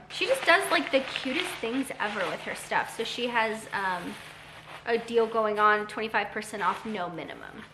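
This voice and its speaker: A woman's voice: fairly high pitch, background noise. A young woman vlogging casually at home, chatty and rambling with lots of "like". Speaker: book vlogger. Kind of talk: casual vlog chat.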